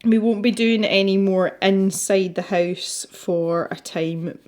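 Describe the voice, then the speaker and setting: A Scottish woman chats casually as she colours for her channel, wandering from topic to topic. She laughs easily and talks in a relaxed, rambling way, her voice sitting at an ordinary middle pitch. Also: slow pace. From Scotland. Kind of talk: casual chat while colouring.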